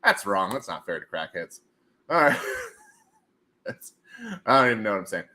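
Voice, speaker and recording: A man hosting a casual livestream, thinking aloud as he works on screen and breaking into goofy shouted voices. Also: on the low side, lively intonation, normal speed. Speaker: livestream host.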